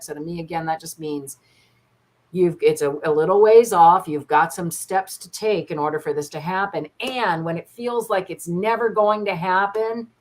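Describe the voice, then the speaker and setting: A woman's voice: low-pitched, slight background noise. A woman reading tarot cards as a guest on a livestream, chatty and upbeat, often tagging lines with "right?". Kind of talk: casual card reading on a livestream.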